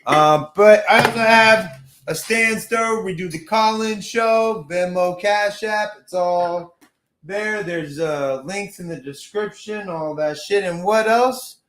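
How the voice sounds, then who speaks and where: A man's voice: sits high, slow pace, a bit bright, echoey room. A man plugging his merch and joking crudely during a casual live-stream chat. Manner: loose and crude, joking, trails off. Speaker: guest.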